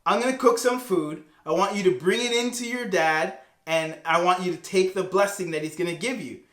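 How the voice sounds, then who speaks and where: A man's voice: high-pitched, a little fast, a bit bright, roomy sound. A man doing a scheming, assured mother. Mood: conspiratorial. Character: scheming mother, confident and reassuring.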